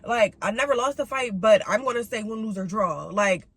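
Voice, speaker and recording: A young woman telling a casual storytime on her vlog, slangy and animated, her voice swinging between high and low. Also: moderate pace, slight background noise. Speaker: vlogger.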